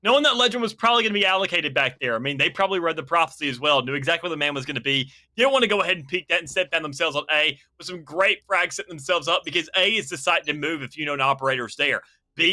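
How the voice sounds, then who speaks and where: A man's voice: on the high side, racing, pushed and bright. A man giving live esports color commentary in long analytical run-on explanations.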